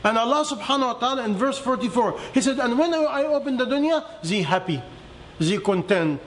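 A man preaching a sermon in non-native English with simplified grammar, swinging emphatically between high and low. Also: a little hiss or hum. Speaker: religious teacher.

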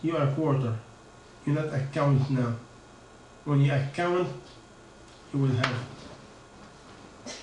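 A man's voice: medium pitch, slow, long pauses, roomy sound, far from the mic, noisy background. A man giving an informal religious talk, firing rhetorical questions and answering them himself. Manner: questioning, rhetorical, non-native phrasing. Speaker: preacher.

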